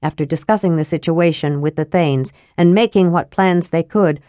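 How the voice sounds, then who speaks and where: Low-voiced woman reading a fantasy novel. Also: normal speed, warm tone, dry recording, studio quality. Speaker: audiobook narrator. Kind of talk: scripted fantasy narration.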